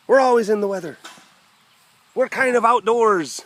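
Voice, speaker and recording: A man's voice: a little high, fast, fairly bright tone. A young man talks casually on camera outdoors at an animal compound in wet weather. He rambles and cracks jokes, slipping into playful sound effects and baby talk for the big cats. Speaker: big cat sanctuary keeper and webcast host. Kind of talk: casual outdoor vlog chat.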